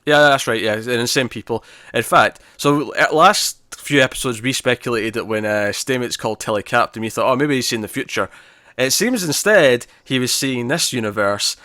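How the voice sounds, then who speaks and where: A man co-hosting a casual TV review podcast, recapping scenes in an animated way and acting out quoted lines. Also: medium pitch, normal speed, no room sound, studio quality. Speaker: podcast co-host.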